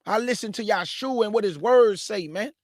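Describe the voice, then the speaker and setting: A man with a high voice delivers a live exhortation, fervent and repetitive in his preaching. He keeps addressing listeners as man and family. The sound is dry and close. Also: moderate pace, dry recording. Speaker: host and preacher. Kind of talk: live exhortation to young people.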